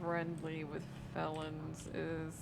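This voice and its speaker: Drowsy gravelly young woman streamer. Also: low-pitched, completely flat delivery, slow, very noisy. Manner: laid-back, profane, laughs easily. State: sleepy and worn out. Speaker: livestreamer playing a roleplay game. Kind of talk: casual stream chatter.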